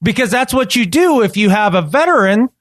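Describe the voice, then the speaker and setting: A man co-hosting a casual sports podcast, talking emphatically and repeating himself when excited. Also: very high-pitched, brisk, no echo, studio quality. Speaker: podcast co-host.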